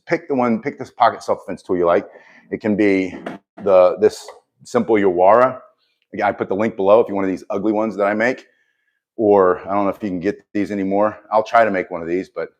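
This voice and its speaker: A middle-aged man with a somewhat low voice talks straight to the camera as a self-defense instructor. He is earnest and motivational, loose and unscripted, with small chuckles and restarts. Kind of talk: casual direct-to-camera talk.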